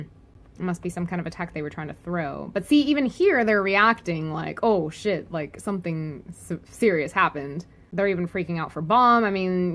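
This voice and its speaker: A woman with a lowish, somewhat bright voice reviews a comic on video. Her style is playful and chatty, sprinkled with "like" and "anyway" and lots of laughter.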